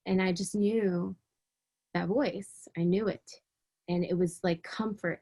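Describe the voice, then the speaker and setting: A woman guest in an interview giving a personal faith testimony. She speaks with emotion and earnestness, often halting, repeating words and restarting her sentences. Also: lowish voice, fairly even intonation, mellow. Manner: fervent and earnest.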